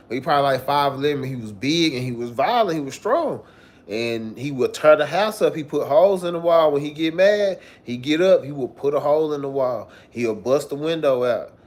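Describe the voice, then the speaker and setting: A young man spins a long story for his live chat, animated and full of slang and swearing. His voice sits a little high, and he acts out every quoted line. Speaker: livestream host.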